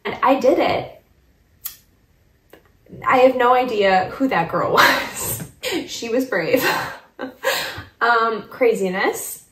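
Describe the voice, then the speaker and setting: A woman's voice: fairly high pitch, slow, long pauses, fairly bright tone. A young woman from Michigan telling a personal story in a casual vlog, getting tearful and laughing through the emotion. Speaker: vlogger. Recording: echoey room.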